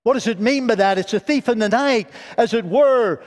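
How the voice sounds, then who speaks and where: A male pastor preaching a fervent sermon in a church, swinging from loud high exhortation down to quiet low tones. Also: moderate pace. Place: church sanctuary. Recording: long church reverb.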